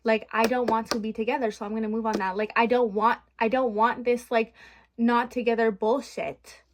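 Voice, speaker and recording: A woman's voice: a little high, flat delivery, normal speed. A young adult woman vlogging from her bedroom, rambling frankly and venting with swearing in a casual chat.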